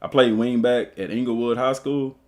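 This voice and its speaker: A man's voice: medium pitch, normal speed. A man with a Southern US accent, a coach streaming live, reading an article aloud and joking with his viewers in casual commentary. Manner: animated and joking, chats with viewers between read passages. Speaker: streamer and school football coach.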